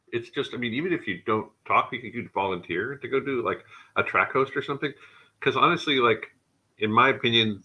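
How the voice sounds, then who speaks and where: Bright, husky-voiced man hosting a tech chat. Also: lowish voice, low-quality recording. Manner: enthusiastic, rambling asides. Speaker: show host. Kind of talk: casual tech livestream chat.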